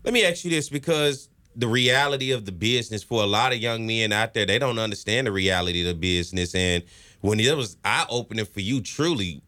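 A man's voice: on the low side, lively intonation, brisk, bright, forceful tone. A man interviewing a guest, attentive and affirming as he listens and asks questions.

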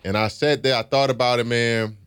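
A man's voice: mid-range voice, steady tone, fairly quick, a bit bright, smooth. A young man from Louisiana, a former football player, telling his story in a reflective, earnest way in an interview. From Baton Rouge, Louisiana. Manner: reflective, earnest, with frequent "you know"s.

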